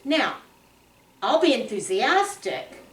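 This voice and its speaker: A woman's voice: on the high side, big pitch swings, slow pace, a bit bright, distant mic. A woman from a church class chatting casually and reminiscing with her pastor. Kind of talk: casual chat. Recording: echoey room, voice from afar.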